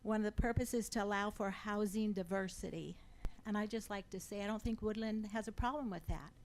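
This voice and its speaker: A woman making a deliberate, pointed public comment at a council meeting. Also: medium pitch, a little mellow, a little hiss or hum, poor audio.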